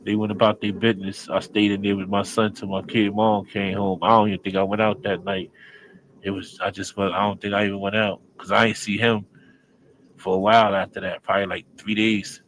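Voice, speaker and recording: A man's voice: fairly low pitch, flat delivery, a little fast, fairly bright tone, a little hiss or hum, poor audio. A man telling a street story in casual, profane slang as a guest on an interview show. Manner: profane, street slang, acts out the other people in his story.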